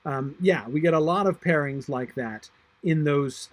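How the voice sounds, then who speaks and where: A man teaching a literature class, reading verse aloud slowly and thinking aloud with many fillers and restarts. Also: a little high, dry recording. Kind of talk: online class discussion of a poem.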